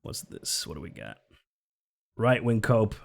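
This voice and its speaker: A streamer giving sarcastic, laughing, animated commentary on a live stream. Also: mid-range voice, unhurried, creaky.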